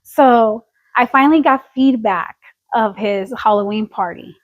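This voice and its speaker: High-pitched woman gossiping on a podcast, animated, kinda dull lo-fi sound. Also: measured pace. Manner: animated storytelling, acting out quotes. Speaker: podcast co-host. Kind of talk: casual gossip chat.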